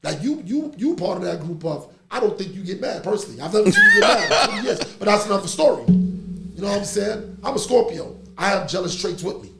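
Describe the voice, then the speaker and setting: A middle-aged man chats on a podcast. His voice has gravelly fry and sits a touch high. He swings from easy storytelling into loud laughter, in an echoey room with faint background noise. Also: a little fast, over loud music. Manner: animated storytelling, laughs through stories. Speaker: podcast host. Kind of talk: casual chat.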